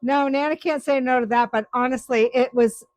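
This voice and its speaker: A woman's voice: high voice, fairly even intonation, brisk, dry recording. An older woman vlogger chatting casually to her viewers, laughing often as she tells a story. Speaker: woodturning vlogger. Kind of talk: casual chat to camera.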